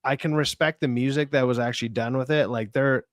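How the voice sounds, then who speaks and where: A man's voice: mid-range voice, fairly even intonation, a little fast, dry recording. Male podcast co-host, casual and crude, dry close sound. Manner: crude, joking, puts on silly voices. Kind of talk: casual chat.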